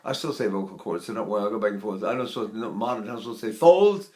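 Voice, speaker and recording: Elderly man teaching voice, unhurried. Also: on the low side, animated, dark tone. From United States. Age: 80s. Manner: unhurried, explanatory, breaks into sung and breathing demonstrations. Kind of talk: spoken vocal lesson with sung demonstrations.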